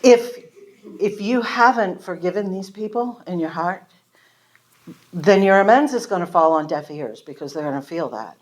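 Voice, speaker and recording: A woman with a notably low, deep voice tells her recovery story to a room full of people. She is candid and self-deprecating, often laughing at herself, and slips into the voices of the people she quotes as she talks. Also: animated, moderate pace. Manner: storytelling, acting out quoted conversations. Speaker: speaker at a recovery meeting. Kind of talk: personal recovery testimony. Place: meeting room before a live audience.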